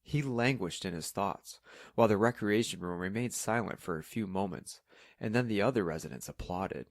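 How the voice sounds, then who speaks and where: Brief: calm male narrator, low voice, dry close sound, steady storybook delivery. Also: normal speed, no echo. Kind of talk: scripted audiobook narration.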